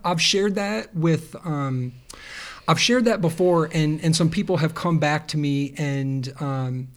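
A man hosting a casual conversation, talking in an animated, rambling way with playful asides. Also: on the high side. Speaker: podcast host.

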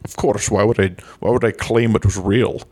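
Brief: man doing low, lisping, boastful aging movie-star impression. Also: steady tone, moderate pace, darkish tone, husky. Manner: slurred lisping "sh" sounds, teasing and boastful. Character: impression of an aging Scottish film star, gruff and cheeky. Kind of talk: comedic impression in podcast banter.

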